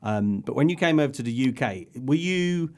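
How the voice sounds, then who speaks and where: A man co-hosting a podcast, joking with the guests and laughing quickly. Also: mid-range voice, expressive, a little mellow. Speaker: podcast co-host. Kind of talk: casual podcast chat.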